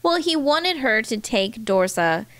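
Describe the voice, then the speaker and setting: A woman's voice: fairly high pitch, very animated, a little slow, fairly bright tone, dry recording. A woman co-hosting a podcast, telling a rambling personal story in casual chat. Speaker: podcast co-host.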